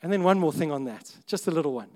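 Animated man preaching. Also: fairly high pitch, fast talker. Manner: earnest, conversational, with self-interrupting restarts and sudden rises in volume. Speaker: pastor. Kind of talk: sermon.

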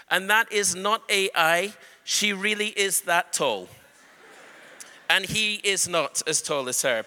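A man preaching a sermon, telling an animated story and joking with his congregation. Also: high-pitched. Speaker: pastor. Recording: echoey hall reverb.

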